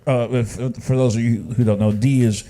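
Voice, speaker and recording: A man with a mellow, warm tone co-hosts a live open mic. He talks casually and haltingly, with plenty of restarts. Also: medium pitch, steady tone. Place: coffee shop open mic.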